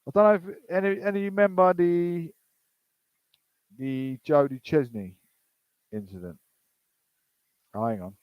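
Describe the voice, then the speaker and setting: A man's voice: fairly high pitch, measured pace, pauses often, clear, resonant tone, no echo, highs cut off. A man hosting a casual political commentary show. He reads news aloud and breaks off into rambling, chatty asides.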